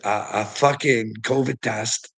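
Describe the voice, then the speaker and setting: A man's voice: mid-range voice, fairly even intonation, slow pace, fairly bright tone, slightly rough, low-quality recording. A man telling a rambling personal story to a relative, swearing constantly and laughing often.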